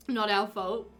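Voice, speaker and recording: Woman, game streamer, casual live chat, giggly, chatty, mid pitch, faint background music. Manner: chatty and giggly, reading sim bios aloud and answering chat.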